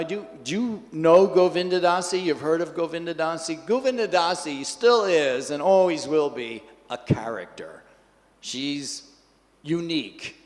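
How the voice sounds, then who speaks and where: A man giving a scripture class in a temple hall, telling an anecdote in a lively way and acting out the quotes. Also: fairly high pitch. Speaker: class speaker.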